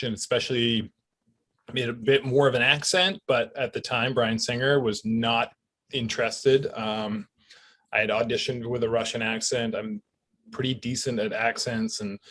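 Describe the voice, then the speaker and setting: A middle-aged Canadian man, an actor, chatting in an interview in a relaxed, reflective way with chuckles and fillers. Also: mid-range voice. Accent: Canadian English. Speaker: actor guest. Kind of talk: casual interview chat.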